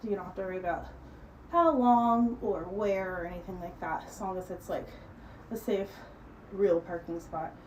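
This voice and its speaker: A woman's voice: lowish voice, normal speed, darkish tone, slight background noise, rough recording. A woman streaming from home and leading a stretching session, chatting casually in a rambling, self-correcting way while a little out of breath. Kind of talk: casual live-stream chat.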